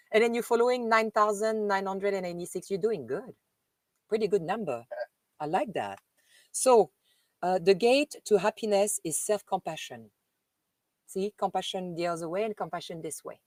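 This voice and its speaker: A woman's voice: medium pitch, no room sound. A woman with a French accent, hosting a casual live stream and chatting affectionately with her viewers. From Paris. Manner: chatty and affectionate, often laughing and calling listeners "dear".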